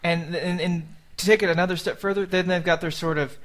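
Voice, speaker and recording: A man co-hosting a casual sports podcast, talking quickly and joking about fighters. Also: sits high, steady tone, fairly bright tone. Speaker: podcast co-host.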